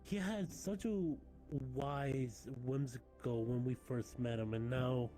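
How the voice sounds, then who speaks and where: A man's voice: mid-range voice, takes it slowly, mellow, faint music behind. A man chatting in character during an online roleplay session, casual and laughing often, with plenty of swearing. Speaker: roleplay streamer.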